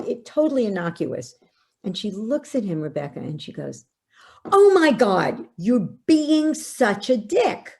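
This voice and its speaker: Older woman, gravelly animated storyteller. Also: mid-range voice. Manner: animated storyteller, acts out quotes. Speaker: guest. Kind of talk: storytelling in a podcast interview.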